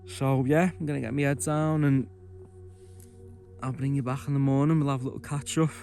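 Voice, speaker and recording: A man talking reflectively and relaxed to camera at a mountain camp at night. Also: mid-range voice, brisk, gravelly, faint music behind. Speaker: camping vlogger. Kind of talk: quiet night-time chat to camera.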